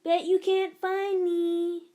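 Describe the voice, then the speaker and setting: A woman doing an excited little boy. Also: extremely high pitch, slow pace, pitched above the performer's own voice. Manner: bright, eager exclamations.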